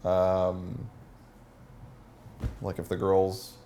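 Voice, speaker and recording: Low mellow dude coaching a seminar, keeps asking the room questions and acting out lines. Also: male voice, monotone, extremely slow, a little hiss or hum. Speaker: dating coach. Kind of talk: teaching a seminar.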